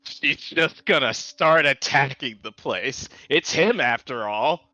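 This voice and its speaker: A man playing a character in a tabletop game, animated and given to swearing. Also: mid-range voice, slow, no echo, highs cut off. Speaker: player. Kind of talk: tabletop role-play.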